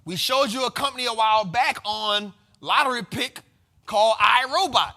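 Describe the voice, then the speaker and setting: A man hosting a finance show, giving energetic market commentary in a slangy, emphatic way and repeating lines for effect. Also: very high-pitched, moderate pace.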